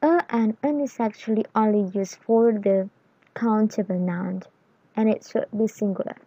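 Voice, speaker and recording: A woman explaining English grammar in a lesson, reading example words and phrases deliberately. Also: mid-range voice, fairly even intonation, warm tone, slightly rough, dry recording, highs cut off.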